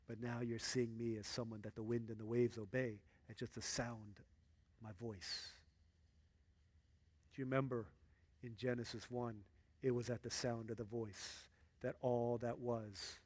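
A man preaching a sermon as pastor, acting out Bible characters in an excited voice and dropping low and hushed for earnest points. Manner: animated, acts out Bible characters in a high excited voice.

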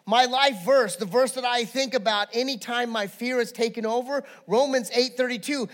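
High-voiced animated male preacher. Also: moderate pace, hardly any pauses, big-room sound. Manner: animated storytelling, acts out crowd voices. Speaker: pastor. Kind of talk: sermon.

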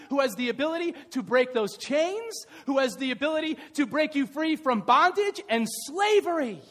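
Male pastor, middle-aged, animated sermon, very high voice, reverberant church hall. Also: moderate pace, few pauses. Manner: animated, shouting at peaks, playful asides.

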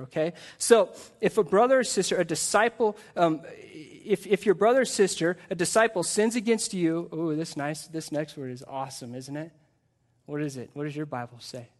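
A middle-aged pastor with a slightly high voice preaches a sermon into a pulpit microphone. He is earnest and emphatic, putting rhetorical questions to the congregation.

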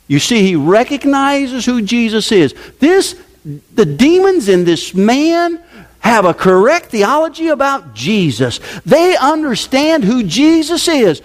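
Pastor, male, mid-sermon: emphatic preaching that leaps high and drops low, in a big echoing sanctuary. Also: big pitch swings, a little slow. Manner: emphatic, preaching with sweeping pitch swings. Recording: long hall reverb.

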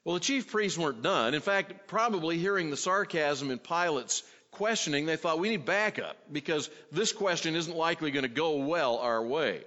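A man's voice: a little high, expressive, pushed and bright. Man preaching in an echoing sanctuary. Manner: measured teaching delivery, dramatizing quoted questions. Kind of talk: expository sermon. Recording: dull sound in a reverberant hall.

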